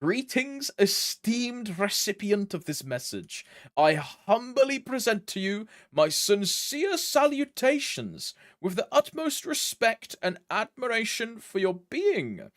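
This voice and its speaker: A man's voice: high-pitched, sing-song, takes it slowly, a bit bright, pitched above the performer's own voice, heavily acted. A man doing a pompous formal letter writer. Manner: grandly formal, drawn out.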